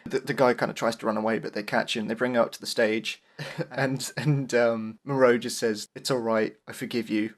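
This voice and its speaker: A man's voice: medium pitch, fairly even intonation, normal speed. A man co-hosting a casual podcast, retelling a film script's plot in a chatty way and laughing often. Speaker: podcast co-host. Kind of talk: casual review chat.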